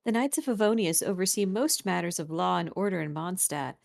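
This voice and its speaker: A woman voicing a composed female knight commander, reading the game lines in a formal, measured way. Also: fairly low pitch, expressive, vocal fry, a little mellow, dry recording, pitched below the performer's own voice. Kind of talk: reading game dialogue aloud.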